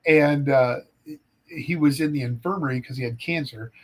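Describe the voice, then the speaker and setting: A middle-aged man from Ohio spins casual anecdotes with a dry, dark sense of humor. His voice sits in an ordinary middle register, and he talks like a guest who is easy in front of a live audience. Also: mid-range voice, normal speed, poor audio. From Ohio, United States. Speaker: forensic psychologist guest. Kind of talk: casual storytelling chat.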